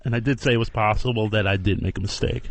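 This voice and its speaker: A man on a radio show defends himself haltingly, with plenty of hedging and restarts. His voice sits a bit low for a man. He is a producer explaining how a mistake got made. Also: fairly even intonation, gravelly. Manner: defensive and hesitant. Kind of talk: casual radio banter. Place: radio studio.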